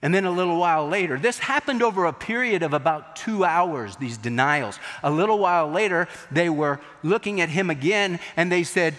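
A man's voice: a little high, lively intonation, moderate pace, few pauses, fairly bright tone, in a large hall. A man preaching a sermon as a pastor, telling the story dramatically and acting out the quotes.

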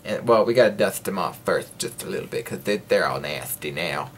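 A man's voice: low voice, animated, a little fast, fairly bright tone, slight background noise. A man giving rambling, jokey commentary while he plays a video game, talking to himself and his viewers. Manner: rambling, jokey self-talk; breaks into playful singing. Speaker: gaming video host. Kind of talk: casual let's-play commentary.

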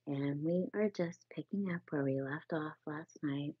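A woman reading a bedtime story aloud, slow and soft, often dropping to a half-whisper. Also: low-pitched, slightly rough, no echo. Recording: tinny phone-like sound, dry.

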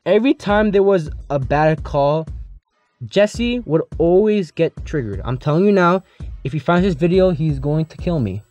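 A teenage boy telling a casual storytime, rambling and slangy, with lots of restarts and animated asides. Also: fairly high pitch, moderate pace. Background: faint background music.

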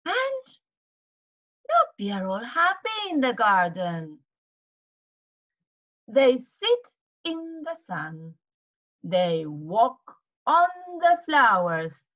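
A woman teaching to children, retelling a storybook in an animated way, with gasps and questions to the kids. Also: on the high side, very slow, long pauses, lo-fi sound.

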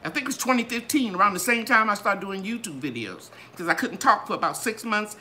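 An older woman talks to her viewers in a live gardening Q and A. Her voice swoops up and down in a sing-song way. Her tone is bright and ringing, like a trained singer's. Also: brisk, slight background noise. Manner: animated, sing-song ups and downs in pitch. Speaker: gardening channel host. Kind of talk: live Q and A chat.

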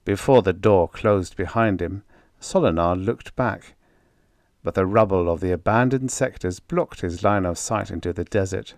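A man narrating a science fiction short story as an audiobook, reading slowly and deliberately. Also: sits low, a little mellow, dry recording. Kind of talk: scripted narration.

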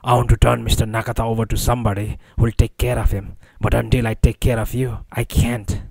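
An easygoing, restless young man talks in plain blunt slang, as a male reader voices him. His voice sits at an ordinary pitch and the audiobook sound is dry and close. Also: flat delivery, a little fast, creaky, darkish tone, no room sound. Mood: frustrated.

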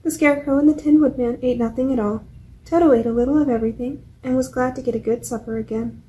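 A woman with a mellow, slightly high voice reads a children's chapter book aloud for a library storytime. Her delivery is steady and clear, paced for young listeners. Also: quick pace, a little hiss or hum, rough recording. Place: public library.

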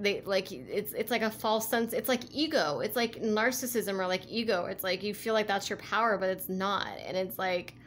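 Woman, tarot reader, rambling, filler-heavy, mid-pitched voice, faint background noise. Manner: rambling, heavy use of "like" and "you know"; laughs easily, talks to unseen spirits. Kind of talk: casual spiritual tarot reading.

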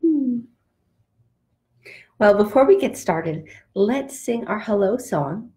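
A woman leading an online lesson for young children, animated and sing-song, acting out feelings with exaggerated sounds and singing simple songs. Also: a little high, slow pace. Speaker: children's language teacher. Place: home.

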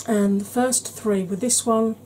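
Lady rambling on about her makeup, relaxed voice, goes quiet and whispery now and then. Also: mid-range voice, unhurried, a little hiss or hum, low-quality recording. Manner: rambling, conversational, drops to soft whispers at times. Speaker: beauty channel host. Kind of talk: chatty makeup tutorial.

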